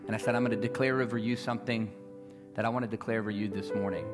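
A man preaching a sermon, telling a story and building to loud, repeated declarations. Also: fairly low pitch, fairly even intonation, rapid-fire. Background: guitar music.

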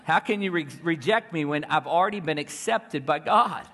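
Fervent, bright-voiced male preacher. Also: a little high, normal speed. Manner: fervent, call-and-response preaching. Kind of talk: sermon.

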